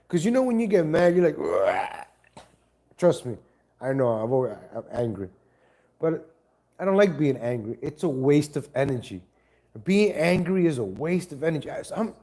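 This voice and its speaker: A man hosts a relaxed live stream from his home, talking into a laptop mic. His voice sits a little high for a man, with a mellow, soft tone. He rambles, restarts his sentences and breaks off to greet viewers. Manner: rambling, self-correcting, chats to viewers and cat. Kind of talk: casual live-stream chat.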